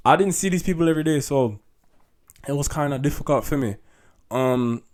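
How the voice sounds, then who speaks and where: A young man talks through a laid-back podcast monologue. He speaks slowly at a mid pitch, chatty and quick to laugh, with lots of "yo" and "like". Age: young adult. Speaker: podcast host. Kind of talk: casual monologue.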